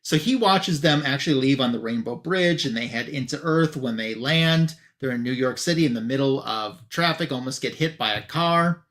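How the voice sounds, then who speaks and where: A man's voice: mid-range voice, fairly bright tone. A chatty man retelling a comic. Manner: chatty, with loose fillers and quick asides. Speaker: comic book reviewer. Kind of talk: casual retelling of a comic issue.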